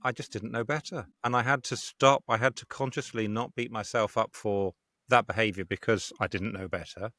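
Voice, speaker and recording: A man hosting a podcast, talking earnestly and reflectively with halting restarts. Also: lowish voice, fairly even intonation, pushed and bright, no room sound, studio quality. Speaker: podcast host.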